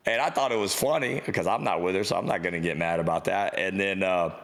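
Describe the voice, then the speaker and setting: A man's voice: sits low, quick pace. A young man co-hosting a podcast in casual chat, telling stories with lots of swearing and acting out the other people in them. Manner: animated storyteller, swears freely, acts out quoted voices. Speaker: podcast co-host.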